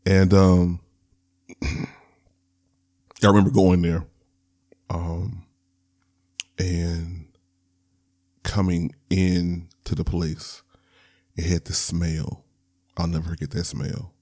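A man's voice: sits low, level tone, drawn-out words, long pauses, mellow. A man hosting a podcast, telling a personal story in a candid, rambling way. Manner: candid, rambling, with laughs and restarts. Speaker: podcast host.

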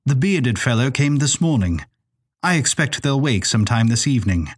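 A man voicing a soft-spoken, courteous keeper of a dream lodge with a grand way of talking. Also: mid-range voice, expressive, normal speed, slightly rough.

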